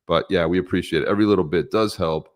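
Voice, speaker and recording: A man with a very deep voice hosts a podcast in a joking, lively way. He reads viewer comments aloud and riffs on them with his co-host. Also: quick pace. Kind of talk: casual podcast chat.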